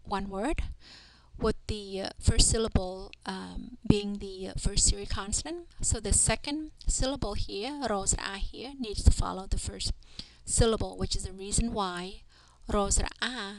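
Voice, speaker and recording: A woman teaching a reading lesson, sounding out syllables one by one in a slow, deliberate way. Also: mid-range voice, fairly even intonation, slight background noise. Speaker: language teacher.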